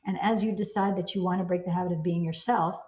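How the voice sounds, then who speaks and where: A woman's voice: fairly low pitch, fast. Earnest woman in an echoey room. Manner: earnest, animated, acts out her own inner dialogue. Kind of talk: reflective personal talk.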